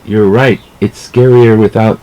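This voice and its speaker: A man's voice: lowish voice, fairly even intonation, measured pace, dark tone, a little hiss or hum. A man casually reading newspaper stories aloud, rambling into jokey asides and stumbling over words as he reads.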